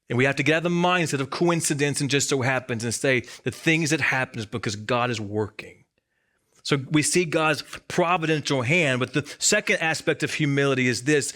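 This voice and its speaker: A man's voice: medium pitch, fairly bright tone. Emphatic, conversational male preacher. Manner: conversational and emphatic, repeats key lines, light humor. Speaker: student ministry coordinator, preaching. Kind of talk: sermon.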